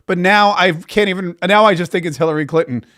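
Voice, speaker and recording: A male talk radio host with a voice a little higher than most men's. He delivers opinionated political commentary in a sarcastic, mocking tone. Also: quick pace, fairly bright tone. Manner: sarcastic, mocking asides with laughs.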